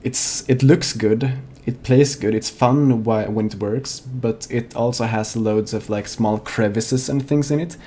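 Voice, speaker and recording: A man's voice: medium pitch, a little slow, few pauses, dark tone, slight background noise. A young man co-hosting a live gaming show in casual chat, rambling with lots of fillers and restarts. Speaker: co-host of a fan-made live gaming show.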